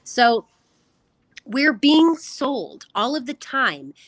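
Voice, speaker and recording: A woman's voice: sits high, very animated, very slow, dry recording. A middle-aged woman from California co-hosting a podcast at home, earnest and argumentative in casual chat. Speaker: podcast co-host.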